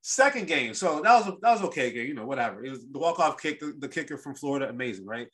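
A man hosting a casual sports podcast, telling stories in an animated, rambling way with lots of restarts. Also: medium pitch, fast. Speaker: podcast host.

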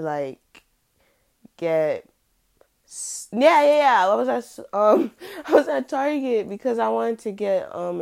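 Young woman, low voice, slow, hesitant, lots of fillers, personal story. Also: gravelly, a little mellow. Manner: halting, hesitant, many fillers and restarts.

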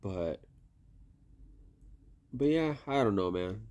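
Male co-host, low voice, casual rambling chat. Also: lively intonation, takes it slowly, darkish tone. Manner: rambling, swears a lot, trails off with "I don't know". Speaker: podcast co-host.

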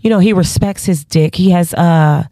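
A woman co-hosting a podcast, chatting casually and telling profane, animated stories. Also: on the low side, normal speed, no room sound, clean studio sound. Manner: profane, animated storytelling with put-on voices. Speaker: podcast co-host.

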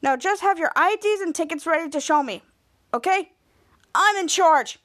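A woman voicing a self-important teenage boy working as a club bouncer, loud and commanding. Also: very high voice, lively intonation, normal speed. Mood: bossy.

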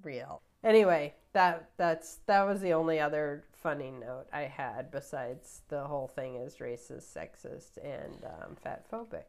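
A woman with a fairly low-pitched voice talks as a podcast guest. She rambles through her opinions in a loose, casual way and keeps dropping filler words between her points. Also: steady tone, a little slow, gravelly, hardly any pauses, darkish tone.

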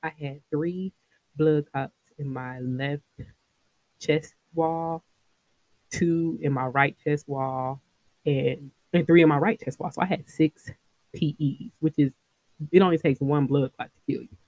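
A woman's voice: low voice, fairly even intonation, measured pace, a little mellow. A woman in her thirties tells a personal story to her podcast listeners in a loose, chatty way. Her voice rises and falls a lot, and she laughs often as she talks. The sound is dry and close, with no room echo. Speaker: podcast host.

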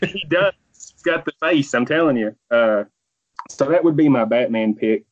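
A man chatting casually on a podcast, relaxed and easygoing with filler words. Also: medium pitch, a little slow, lo-fi sound. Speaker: podcast co-host. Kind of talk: casual chat.

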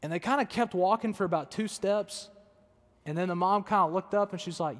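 A man preaching from a pulpit with a fairly high voice, telling a story in a relaxed, conversational way. He pokes fun at himself but stays earnest. His voice rings out with a long reverb, as in a large hall. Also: brisk. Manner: conversational, self-deprecating, earnest. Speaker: pastor. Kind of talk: sermon storytelling.

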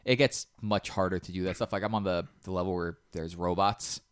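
A man's voice: low-pitched, brisk, clean tone, dry recording, clean studio sound. A man co-hosting a gaming podcast, chatting casually with many fillers and restarts. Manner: relaxed, rambling, many fillers. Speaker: podcast co-host.

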